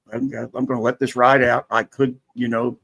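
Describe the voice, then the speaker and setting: A man's voice: medium pitch, little pitch movement, brisk, gravelly, fairly bright tone. A man chatting as a guest on a livestream, profane and joking, rambling through stories. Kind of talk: casual livestream chat.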